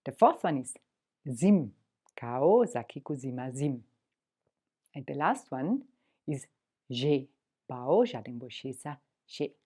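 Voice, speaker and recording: A woman teaching a language lesson in a gentle, patient, encouraging way. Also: extremely low pitch, sing-song, slow, long pauses, husky.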